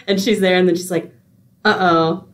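A woman's voice: fairly low pitch, normal speed. A young woman co-hosting a podcast, animatedly retelling a movie plot and acting out the characters' lines in casual chat. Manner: animated storyteller, acts out characters' quoted lines. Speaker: podcast co-host. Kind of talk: casual chat recapping a film.

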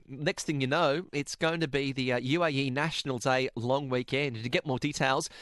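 A man's voice: medium pitch, a bit bright, no room sound. A man hosting a radio talk show in a casual, joking way, chatting with a guest from the studio. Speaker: radio host.

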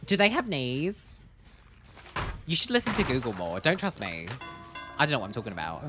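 A woman's voice: extremely low pitch, sing-song, brisk, over music. A woman streamer giving playful, jokey commentary as she plays a game, with sing-song bits. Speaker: gaming streamer. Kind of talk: casual gameplay commentary.

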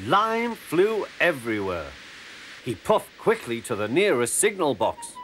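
A man narrating a children's story in a gentle, expressive way. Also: fairly high pitch, unhurried, slight background noise.

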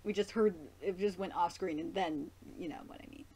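A woman streamer giving a casual live reaction to an anime episode, gushing and excitable, laughing often and chatting with lots of fillers. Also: on the low side, brisk, breathy edge.

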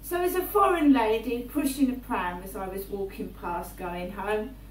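A woman, rambling through a personal monologue in her flat and often checking in with "right?". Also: medium pitch, moderate pace. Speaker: vlogger. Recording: roomy, distant mic, faint hum.

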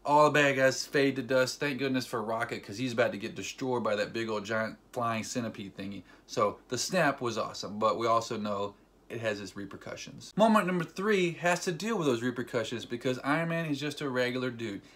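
Excited man retelling a movie. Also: mid-range voice, brisk. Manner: animated storyteller with sound effects; loose, rambling, filler-heavy delivery. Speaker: movie fan vlogger. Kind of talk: casual excited movie recap.

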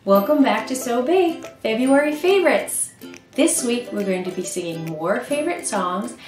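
A middle-aged woman leading a toddler storytime at the library, talking in a slow, deliberate, sing-song way as she reads aloud. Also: a little high, expressive, distant mic, soft background music. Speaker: children's librarian. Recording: roomy echo.

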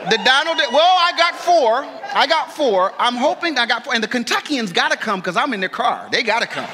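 A tearful male pastor preaching an impassioned sermon, swinging from hushed tones to shouts. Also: extremely high pitch, noisy background. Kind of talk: emotional sermon. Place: fellowship hall. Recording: long echo of a hall.

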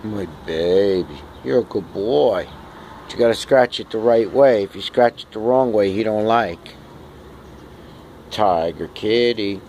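A lowish, gravelly male voice that keeps lifting into a sing-song baby talk as he coaxes his cat. He chats casually on a handheld camera outdoors on a terrace in the rain. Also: measured pace, darkish tone, a little hiss or hum. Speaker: cat owner filming his pet. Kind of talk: casual home video talking to his cat.

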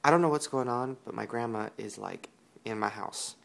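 Gravelly-voiced man telling a story. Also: on the low side, moderate pace. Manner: animated, profane, laughing storyteller. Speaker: vlogger. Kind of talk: casual storytelling to camera.

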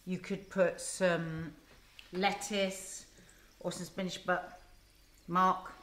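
A woman's voice: on the low side, flat delivery, very slow, a bit bright. A middle-aged woman chatting affectionately while hosting a cooking demonstration in her home kitchen. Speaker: cooking show host. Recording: noisy kitchen with sizzling. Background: frying and sizzling.

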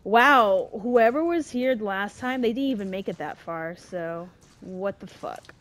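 A woman's voice: medium pitch, lively intonation, measured pace. A young adult woman commenting on a horror game as she plays, swearing often and reacting dramatically to every scare. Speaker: let's play gamer.

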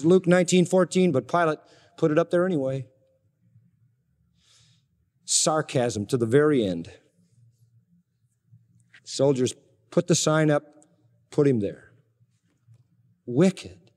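An older man preaching an expository sermon, swinging from loud emphasis to hushed, low lines. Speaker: pastor. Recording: reverberant hall recording.

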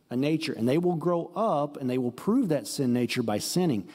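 Blunt conversational preacher, male, warm husky voice, echoing church hall. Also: mid-range voice. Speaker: pastor. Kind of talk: sermon. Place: church sanctuary.

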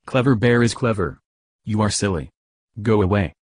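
A man voicing a stern storybook mother bear who turns callers away in a flat, firm way. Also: lowish voice, moderate pace, dry recording, clean studio sound.

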